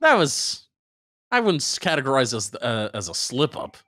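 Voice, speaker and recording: A man's voice: medium pitch, huge pitch swings, normal speed, sharp tone, no echo, studio quality. A man co-hosting a sports podcast who teases the others and pushes them with questions. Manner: teasing, asks probing questions. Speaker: podcast co-host. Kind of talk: casual sports chat.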